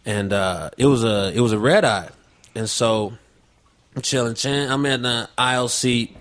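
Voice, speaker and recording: A man hosting a casual podcast chat. He tells stories in a loose, rambling way and swears freely. His voice sits at an ordinary middle pitch. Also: a little slow. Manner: loose, profane, rambling storytelling. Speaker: podcast host.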